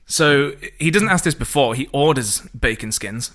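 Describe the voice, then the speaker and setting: A man's voice: medium pitch, expressive, normal speed, fairly bright tone. A man co-hosting a podcast, casually telling work stories and laughing often. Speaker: podcast co-host. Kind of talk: casual chat.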